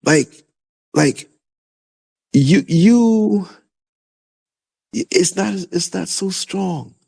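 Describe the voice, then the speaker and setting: Gravelly older New man, animated. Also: high-pitched, very slow. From New York. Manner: animated storytelling, emphatic and repetitive. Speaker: podcast host. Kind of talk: casual chat.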